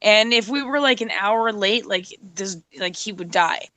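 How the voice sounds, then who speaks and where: A woman's voice: medium pitch, measured pace, bright, forceful tone, no room sound, low-quality recording. A woman in her thirties from Canada, chatting casually on a stream, full of "like" and cooing at her dog. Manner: chatty, heavy "like" filler, coos at dog. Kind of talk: casual chat.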